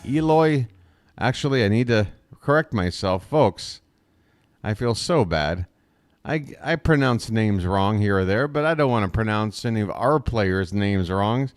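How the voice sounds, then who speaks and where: A man calling a baseball game as a fan streamer, chatty and self-deprecating, talking straight to his chat on a close desk microphone. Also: mid-range voice. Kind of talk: live fan play-by-play commentary.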